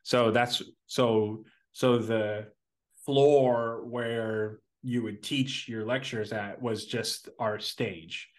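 A man's voice: medium pitch, steady tone, drawn-out words. A man co-hosting a podcast, telling stories in casual chat, rambling with lots of fillers and restarts. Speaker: podcast co-host.

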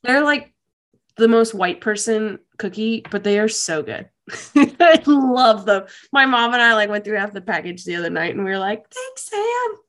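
A young woman co-hosting a podcast, recapping an anime episode in gushing, animated casual chat. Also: mid-range voice, normal speed. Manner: gushing, animated storytelling with laughs. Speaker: podcast co-host.

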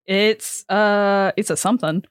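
A woman's voice: mid-range voice, steady tone, a little slow, clean tone, no room sound, clean studio sound. A young woman co-hosting a podcast, chatting casually, swearing and laughing, and stumbling over words as she reads out a story. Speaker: podcast co-host. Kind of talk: casual chat, reading out a story.

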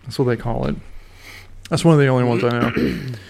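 A man's voice: medium pitch, fairly quick, vocal fry, darkish tone. A man co-hosting a podcast in casual, swearing banter. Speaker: podcast co-host. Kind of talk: casual chat.

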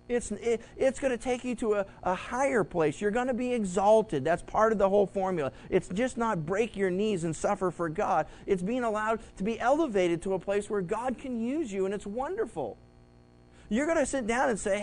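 A male pastor with a high voice for a man, teaching scripture in a loose, conversational way. He stumbles and restarts, then bursts into little acted-out quotes. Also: a little fast, rough recording. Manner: animated, acts out quoted voices. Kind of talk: Bible study sermon.

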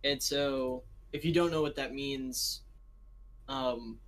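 A man's voice: mid-range voice, steady tone, takes it slowly, a bit bright, rough recording. A young American man co-hosting a casual podcast, rambling and self-deprecating as he chats and laughs often. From United States. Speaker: podcast co-host. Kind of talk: casual chat.

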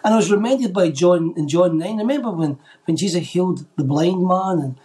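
A man, a podcast guest, telling a faith story in an animated way and acting out the voices of the people in it. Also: high-pitched, a little fast. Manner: animated storyteller who acts out quoted voices. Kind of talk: telling a faith testimony in conversation.

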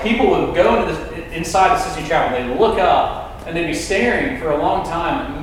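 A man's voice: fairly high pitch, slight background noise. Man preaching in an echoey hall. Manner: animated, conversational, many fillers. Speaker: campus minister. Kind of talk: sermon. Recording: echoey hall, distant mic.

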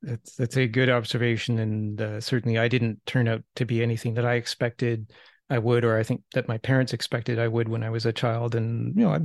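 A man leading a casual seminar discussion, thoughtful and measured, often restarting his sentences. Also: medium pitch, flat delivery, vocal fry, dry recording, clean studio sound. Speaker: discussion leader.

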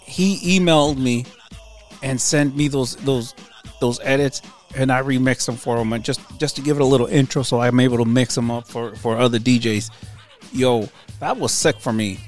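A man's voice: mid-range voice, normal speed, faint music behind. Laid-back slangy man from San Jose. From San Jose, California. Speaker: radio show co-host and DJ. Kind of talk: casual chat.

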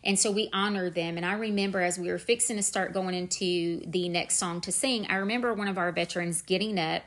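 A woman's voice: on the low side, steady tone, a little fast, fairly bright tone. A middle-aged woman, telling her personal faith story on a podcast in an earnest, emphatic way. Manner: earnest, emphatic, repeats "I'm telling you". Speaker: podcast host.

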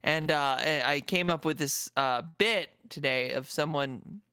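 A man's voice: on the high side, a little slow, pushed and bright, smooth, no room sound, studio quality. A man in casual chat, laid-back and profane, with lots of fillers. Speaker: friend in conversation.

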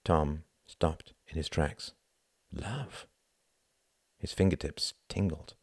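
Deep, gravelly male narrator. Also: fairly even intonation, measured pace, no echo, clean studio sound. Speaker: audiobook narrator. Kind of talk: scripted narration.

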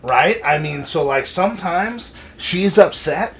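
A man in his thirties talks in a loose, profanity-laced chat, his pitch bouncing around as he tells his stories. His voice sits a bit high for a man, and a faint hiss of background noise hangs under the recording. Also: a little slow. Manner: animated, swears freely. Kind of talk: casual chat.

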